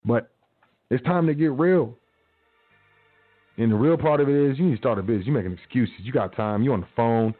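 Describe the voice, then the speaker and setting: A man's voice: medium pitch, very fast, few pauses, no echo. Man, radio host, slangy big-brother pep talk, phone-thin sound. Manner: big-brother tone, slangy and repetitive, acts out quotes. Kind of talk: casual motivational talk. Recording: tinny phone-like audio.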